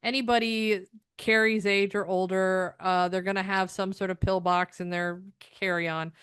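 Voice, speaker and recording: A woman's voice: medium pitch, level tone, measured pace, fairly bright tone, clear, resonant tone, no echo, clean studio sound. A middle-aged woman from the United States, ranting sarcastically through a TV episode review, exasperated and rambling.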